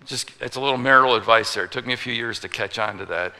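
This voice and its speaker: A man preaches with a very bright, forceful tone, and his voice rings out with long reverb as if in a large church. He tells the story in an animated way, asking rhetorical questions and dropping joking asides. The delivery is that of a pastor in the pulpit. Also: medium pitch, fast talker, smooth. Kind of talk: sermon.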